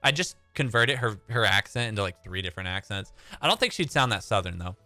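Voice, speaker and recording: Animated, bright-voiced male streamer. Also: fairly low pitch, quick pace, dry recording, faint music behind. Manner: animated, jokey, slips into voices. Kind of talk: casual gaming stream talk.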